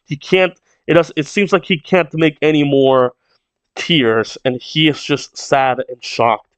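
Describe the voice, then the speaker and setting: A man's voice: on the high side, steady tone, unhurried, no room sound. A man reading a comic aloud and reacting, rambling and thinking aloud as he goes. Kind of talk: casual read-along reaction.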